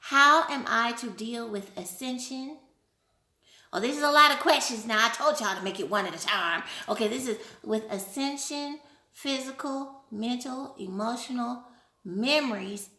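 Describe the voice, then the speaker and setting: A woman hosting a casual live stream, playful and animated, laughing often while she answers viewer questions. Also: on the high side, moderate pace, echoey room. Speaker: livestream host.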